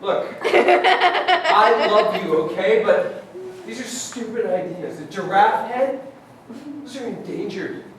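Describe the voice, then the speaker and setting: Frustrated, defensive dad played by a man; high-ish, swinging delivery, distant and roomy. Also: very animated, takes it slowly, long pauses, fairly bright tone, a little hiss or hum, exaggerated voice. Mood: exasperated. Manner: exasperated, defensive. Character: exasperated toeless middle-aged father. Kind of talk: live improv comedy scene. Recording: echoey hall from far off.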